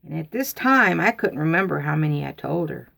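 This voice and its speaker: A woman telling a folksy childhood story in a casual, drawn-out way to her viewers. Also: low-pitched, vocal fry. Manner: folksy, drawn-out, animated when quoting.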